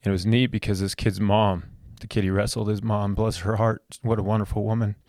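A man in his thirties tells a personal story on his own podcast, his low voice earnest and heartfelt. He stumbles and repeats words as he goes, and the recording is dry, close and free of any room echo. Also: flat delivery, fairly quick, a little mellow. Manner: heartfelt, repetitive restarts. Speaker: podcast host.

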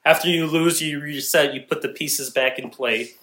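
A young man gives a sermon in a loose, joking style and keeps turning to the congregation. His voice sits a little high for a man. He sounds relaxed and conversational rather than formal. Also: moderate pace, slight background noise. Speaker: pastor.

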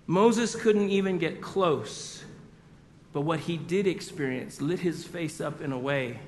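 A man preaching a sermon, animated and telling the story with acted-out voices. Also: on the high side, measured pace, in a large hall. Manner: animated storyteller acting out quotes. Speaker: pastor.

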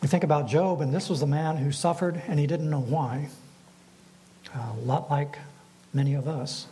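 A man, a pastor, preaching a sermon in a measured way and putting rhetorical questions to his congregation. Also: fairly high pitch, warm tone, slight background noise, rough recording.

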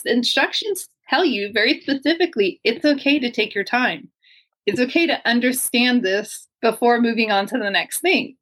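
A woman's voice: fairly high pitch, a bit bright. Effusive woman podcast host. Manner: upbeat, effusive, chatty. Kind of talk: enthusiastic interview intro. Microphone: video call.

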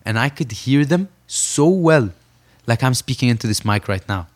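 A young man from Saudi Arabia, a professional boxer guesting on a podcast, talks in a mid-range, animated voice at normal speed. He shares his story in an earnest, emphatic way, repeating phrases for stress.

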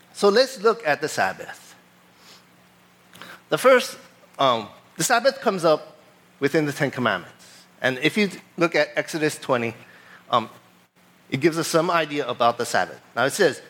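A pastor preaching a sermon, talking in a relaxed, conversational way and acting out both sides of an exchange. He speaks with a fairly high voice. When he reads scripture he slows into a steadier, measured delivery. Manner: casual storytelling, animated retelling of a traffic stop.

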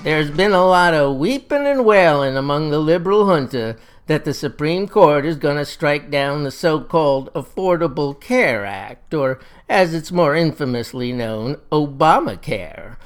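A man's voice: fairly high pitch, animated, a little slow, hardly any pauses, smooth, soft background music. A man playing a pompous, folksy Mississippi farmer, holding forth in a satirical comic monologue.

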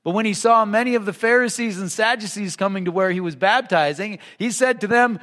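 High-voiced male pastor preaching. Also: brisk, hardly any pauses, a bit bright, in a large hall. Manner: earnest and emphatic, reads scripture then explains it plainly. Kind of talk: sermon. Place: church sanctuary.

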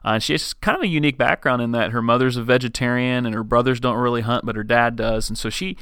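Male podcast host, easygoing chat, bright and crisp, dry close mic. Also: medium pitch, quick pace, no echo. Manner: chatty, relaxed, with fillers and restarts. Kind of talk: casual podcast monologue.

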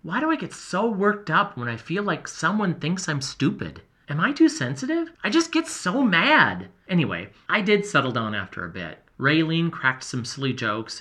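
A man voicing an earnest boy explorer who tells his journal everything, in a lively, emotional, confiding first-person delivery. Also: medium pitch. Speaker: narrator. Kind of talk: first-person audio storytelling.

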